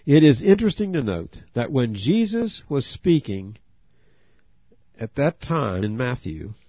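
Earnest preacher man, lively pitch. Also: a little slow, no echo. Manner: earnest, addresses listeners directly with questions. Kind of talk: sermon. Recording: dry, dull lo-fi audio.

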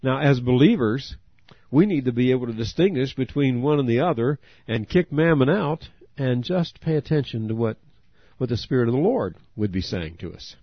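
A man's voice: medium pitch, lively intonation, moderate pace, no echo. A man preaching a sermon, earnest, asking his listeners direct questions. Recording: dry, dull lo-fi audio.

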